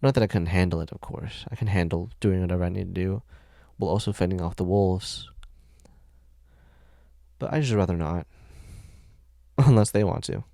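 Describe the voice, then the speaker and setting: A man's voice: sits low, normal speed, gravelly, pauses often, mellow, no echo, studio quality. A sleepy man hosting a solo podcast, rambling and making jokes at his own expense. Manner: rambling, jokey, self-mocking. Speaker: podcast host.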